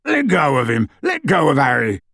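A man voicing a huge, gruff half-giant who shouts and pants indignantly. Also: on the high side, wildly swooping pitch, moderate pace, dry recording, studio quality, heavily acted. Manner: loud, shouting, panting.

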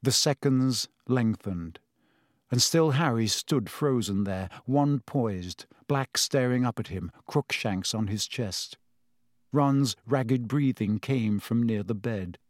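Slow, measured male audiobook narrator. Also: medium pitch, no room sound, studio quality. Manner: measured, dramatic storytelling.

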